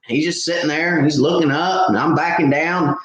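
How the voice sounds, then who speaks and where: A man's voice: on the high side, steady tone, brisk, fairly bright tone. A man hosting a live fishing Q&A stream, telling stories casually with lots of fillers and restarts. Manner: rambling storyteller with many fillers and restarts. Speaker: fishing channel host. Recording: very echoey room.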